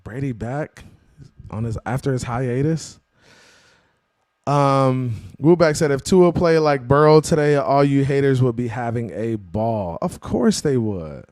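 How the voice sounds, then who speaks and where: A man's voice: medium pitch, measured pace. A man in the middle of his voice range, hosting a post-game sports live stream. He talks in a loose, slangy way, greeting viewers and answering their chat messages with plenty of energy. The sound is dry, with no room echo. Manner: slangy, animated, calls viewers "bro" and "man".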